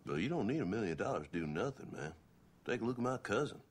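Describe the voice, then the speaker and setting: Film clip: a deep, husky slacker guy, crude and unbothered, pitch swinging lively. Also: fast. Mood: laid-back.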